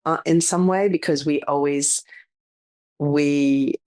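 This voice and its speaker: A middle-aged woman with a notably low voice, talking casually as a podcast co-host. She rambles a little, circling back fondly and thoughtfully. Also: fairly even intonation, slow, warm tone. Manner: reflective, rambling, fond. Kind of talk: casual chat.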